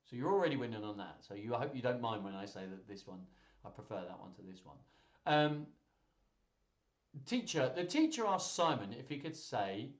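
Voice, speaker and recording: A man's voice: medium pitch, sing-song, moderate pace. Chatty guy reading kids jokes on a live stream, laughs a lot, voice bouncing up and down, kinda echoey room. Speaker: host of a live children's joke and story stream.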